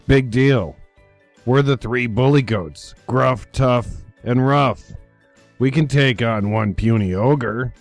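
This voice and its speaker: A man voicing mean, boastful bully goats in a storybook reading, jeering and snarling slowly. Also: medium pitch, a bit bright, no echo, soft background music. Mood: scoffing. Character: bullying male billy goats, tough and mean.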